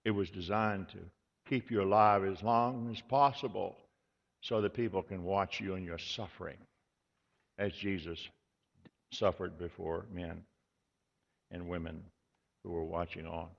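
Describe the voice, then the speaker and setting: A male pastor with a low, gravelly voice delivers an earnest, measured sermon and leans on repetition to drive his points home. The recording is dull and lo-fi, with a long reverb tail from a large church hall. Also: fairly even intonation.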